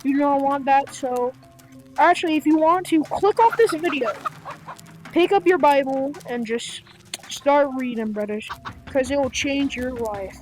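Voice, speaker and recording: A woman's voice: high voice, measured pace, darkish tone, soft background music. A young woman hosting a gaming channel, chatting to viewers in a rambling, playful way with many fillers. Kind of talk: casual chat to viewers.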